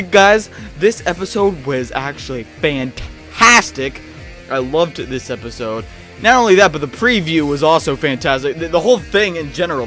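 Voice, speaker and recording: Hyped guy rambling thru a cartoon episode review, kinda high voice, soft music behind. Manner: excitable and animated, restarts and laughs often.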